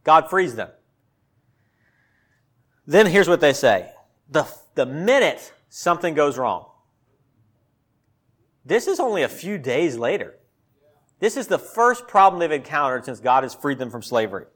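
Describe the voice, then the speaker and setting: A man's voice: a little high, big pitch swings, measured pace, long pauses, fairly bright tone. A man preaching a sermon in a conversational way, acting out quotes with a sarcastic tone. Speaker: pastor.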